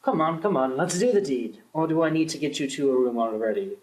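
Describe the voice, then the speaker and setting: A man's voice: a little high, lively intonation, a little fast, a little mellow, poor audio. A young man performing a student radio drama, shifting his voice between several characters. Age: young adult. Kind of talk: amateur radio-play acting.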